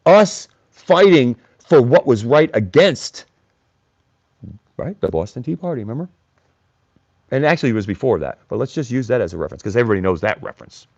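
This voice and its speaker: Male livestream host, mocking and blunt, very animated delivery, dull dry sound. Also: medium pitch, no echo. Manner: blunt, combative, mocks chatters by name. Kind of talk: live-stream rant reading chat.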